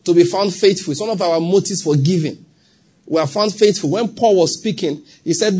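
A man's voice: high-pitched, fairly quick, breathy edge. A man with a Nigerian accent preaching a sermon to a congregation, acting out short scenes and asking them questions as he goes. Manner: animated, acts out little scenes and asks the congregation questions. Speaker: pastor.

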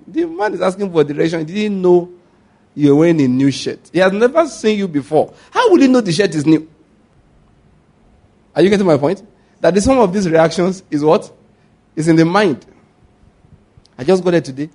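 A man's voice: sits high, fairly quick, long pauses. A man, preaching a sermon as pastor. He tells stories with frequent laughter and asks the congregation questions for them to answer back. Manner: animated storytelling with call-and-response questions; laughs often while preaching.

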